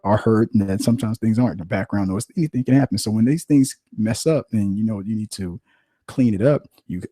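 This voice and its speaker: Man hosting a podcast, casual rambling movie chat, husky, dark, dry close sound. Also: on the low side, brisk, no room sound. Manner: rambling, with frequent restarts and laughter. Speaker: podcast host.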